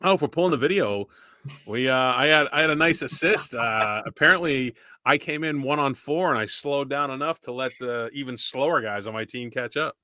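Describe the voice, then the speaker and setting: A middle-aged man chats on a podcast in a bright, ringing voice, recorded close and dry. He rambles loosely through his stories, laughing and swearing along the way. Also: medium pitch, fairly quick, no echo. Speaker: podcast co-host. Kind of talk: casual chat.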